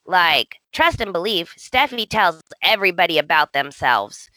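A woman co-host chats about a soap opera with a lively, swooping pitch and a bright, forceful tone. She exclaims and laughs easily. The recording is dry and close, with little room sound. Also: normal speed, dry recording. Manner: animated, laughs a lot, exclaims. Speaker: podcast co-host. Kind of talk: casual chat.

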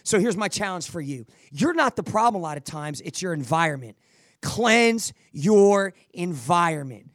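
A man with a fairly high voice delivers motivational advice as a podcast host, energetic and preachy. He often stumbles back over his words as he pushes his point, and the recording is dry and close. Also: moderate pace, dry recording. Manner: energetic, preachy, repeats words while restarting. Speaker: podcast host answering listener questions.

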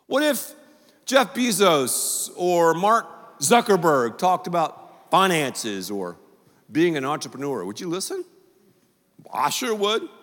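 A male pastor preaches in a joking, animated way, tossing in quick asides. His voice is high and bright with lively swings in pitch. A long reverb fills the large auditorium behind him. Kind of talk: sermon.

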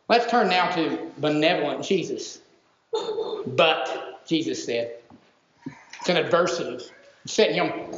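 Male pastor, high voice, emphatic preaching, roomy dull lo-fi church recording. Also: fairly bright tone. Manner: emphatic, repeats words for stress. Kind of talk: sermon. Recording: roomy echo, dull lo-fi sound.

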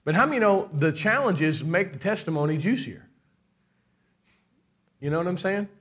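Bright high-voiced preaching man. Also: animated, normal speed. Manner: preaching with call-and-response and laughter. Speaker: pastor. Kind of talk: sermon.

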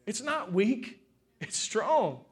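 High-voiced man preaching a sermon. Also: big pitch swings, slow pace, breathy edge. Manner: emotional, swinging from fervent to soft and tearful. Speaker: pastor. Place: church stage with congregation.

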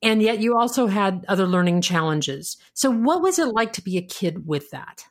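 A woman's voice: mid-range voice, animated, moderate pace. A woman hosting an interview who asks curious follow-up questions in a conversational way.

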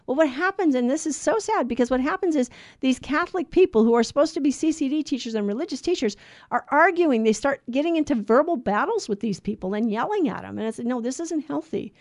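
A woman's voice: high voice, expressive, fast talker, no echo, studio quality. Earnest woman teaching Bible on radio. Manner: earnest, conversational teaching with restarts. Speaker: radio Bible study co-host.

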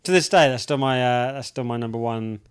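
A man's voice: medium pitch, brisk, clean tone. A man in his thirties ranting in casual chat, swearing freely and restarting his sentences.

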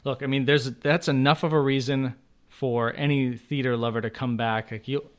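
A man's voice: medium pitch, fairly even intonation, moderate pace. A man in his thirties, a theater writer and director, chatting casually as a podcast guest, rambling with many restarts and easy laughs.

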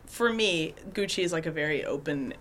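A young woman co-hosting a student podcast, chatting casually in a slightly raspy voice. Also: sits low, expressive, moderate pace, fairly bright tone. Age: young adult. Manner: chatty, frequent "mm-hmm" backchannels. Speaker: co-host.

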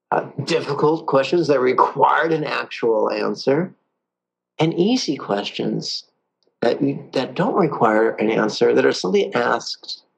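A man teaching a guided meditation lesson, calm and playful, with drawn-out pauses. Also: mid-range voice, gravelly, breathy edge, low-quality recording.

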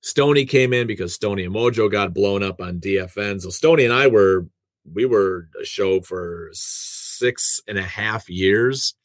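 Radio man, lowish voice, dry close mic, chatty self-deprecating storyteller. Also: unhurried, dry recording. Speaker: radio host and producer. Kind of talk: casual conversational storytelling.

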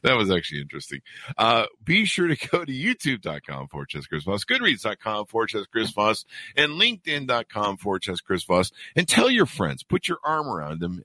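A man's voice: mid-range voice, bright, forceful tone, dry recording. Rambling, joking male podcast host. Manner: joking, rambling, self-mocking. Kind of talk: casual rambling podcast intro and interview.

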